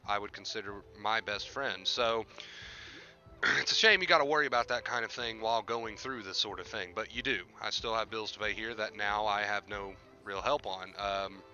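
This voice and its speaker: A man's voice: on the low side, normal speed, sharp tone, lo-fi sound, soft background music. A man hosting a live stream, talking casually and earnestly to his viewers while grieving, often repeating himself for emphasis. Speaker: YouTube live-streamer hosting a mental-health Q&A.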